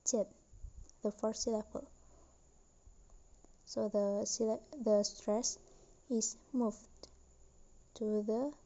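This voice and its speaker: A young woman student slowly reading a class presentation with careful, deliberate delivery. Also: on the high side, warm tone, muffled recording. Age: young adult.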